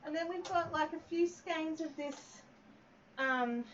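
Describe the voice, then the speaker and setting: A woman's voice: high voice, slow pace, fairly bright tone, muffled recording, slight background noise. An Australian woman hosting a casual live craft stream, rambling as she works and reads out viewer comments. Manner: chatty and rambling, reading out viewer comments, many "um"s. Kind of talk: casual live-stream chat while working.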